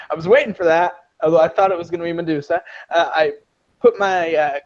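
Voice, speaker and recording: A man's voice: on the high side, wildly swooping pitch, moderate pace. A man playing his character in a tabletop game, playful and often laughing. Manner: playful, laughing between lines. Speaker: player. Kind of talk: casual tabletop role-play. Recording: dull lo-fi recording.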